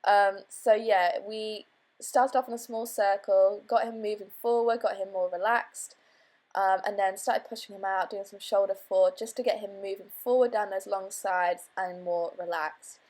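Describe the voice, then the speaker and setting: A young woman vlogging casually, her voice a little hoarse after being ill, talking in a chatty, bubbly way. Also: mid-range voice, fairly even intonation, moderate pace, darkish tone. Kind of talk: casual vlog chat.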